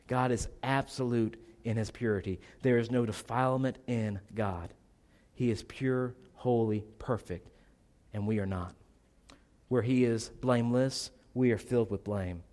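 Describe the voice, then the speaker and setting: Earnest and a bit congested, the pastor preaches in a darkish voice of medium pitch. Repeated lines and rhetorical questions run through his sermon.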